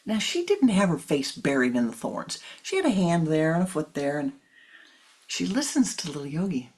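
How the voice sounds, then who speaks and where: A woman spiritual teacher telling a parable in an expressive storytelling manner. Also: sits low. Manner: expressive, slow storytelling with acted voices. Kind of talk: storytelling sermon.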